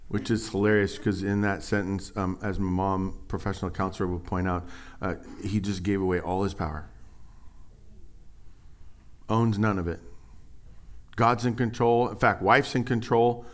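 A middle-aged man preaching a sermon, animated and joking, acting out voices as he tells stories. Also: on the low side, normal speed, pauses often. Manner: animated storytelling, acts out voices, jokes and sarcasm. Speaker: pastor.

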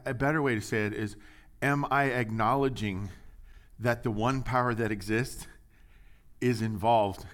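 Middle-aged guy pastor giving a sermon, slow and chatty, goes quiet then gets loud on the big lines. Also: lowish voice. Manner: conversational, shifting from hushed asides to loud emphatic reading.

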